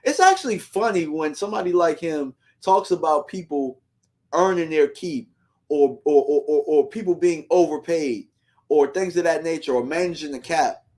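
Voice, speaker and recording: A man's voice: fairly high pitch, normal speed, darkish tone. A man hosting a fan livestream, ranting heatedly in slangy casual talk and reading out viewer comments.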